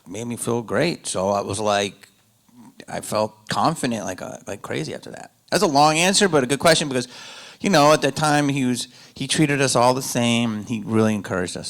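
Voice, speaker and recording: A man telling stories as a guest on a convention panel, loose and joking, going from loud asides to quiet, confiding stretches. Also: mid-range voice, moderate pace, vocal fry. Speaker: panel guest, actor and comedian.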